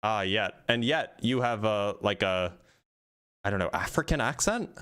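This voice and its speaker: A man hosting an online debate, calmly asking short probing questions and repeating them. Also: on the low side, moderate pace, smooth. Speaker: debate streamer host.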